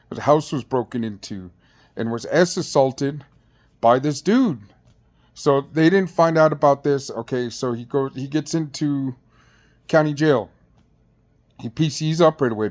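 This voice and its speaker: A man's voice: medium pitch, darkish tone. A man recounts his time behind bars in loose, slangy street talk. He rambles and restarts often, and his tone stays blunt throughout, in a mid-range voice. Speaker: former inmate telling a jail story. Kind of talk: casual storytelling.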